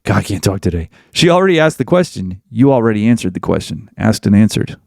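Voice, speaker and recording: A man holds forth as a podcast host, blunt and emphatic, driving each point home by saying it again. His voice sits at a middling pitch with a noticeably gravelly, fry-heavy texture. The recording is close and dry, with no room sound around him. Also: very animated, fast, a little mellow, dry recording. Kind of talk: opinionated podcast monologue.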